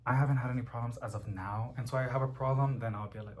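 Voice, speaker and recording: Chatty young man rambling excitedly. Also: medium pitch, rapid-fire, few pauses. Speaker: plant vlogger. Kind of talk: casual unboxing chat.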